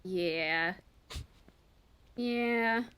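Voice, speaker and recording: A woman's voice: mid-range voice, very slow, a bit bright, clean tone. A woman streaming a game with a friend in playful casual chat, swearing freely and joking. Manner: playful, swears casually, acts out quotes in a whisper.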